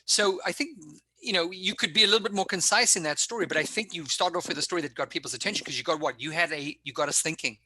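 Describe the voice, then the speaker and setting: This public-speaking coach runs an online workshop by video call, pushing his points with energy, emphasis and clear direction. He's a little high-pitched and quick, with a slight hiss or hum in the audio.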